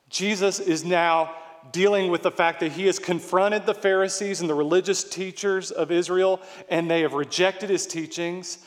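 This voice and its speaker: A man's voice: high-pitched, in a large hall. A middle-aged man preaching a sermon as pastor, explaining scripture in an earnest, emphatic way.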